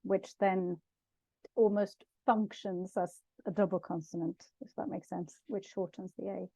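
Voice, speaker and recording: A woman's voice: mid-range voice, steady tone, a little slow, mellow, no echo, dull audio. A woman teaching a language class online, explaining sounds patiently and chatting with viewers.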